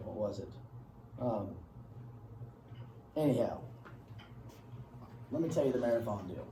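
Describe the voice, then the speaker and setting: A man's voice: on the low side, animated, measured pace, pauses often, noisy background. A male history teacher giving a casual classroom lecture, rambling with joking asides. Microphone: far camera. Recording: echoey room from far off.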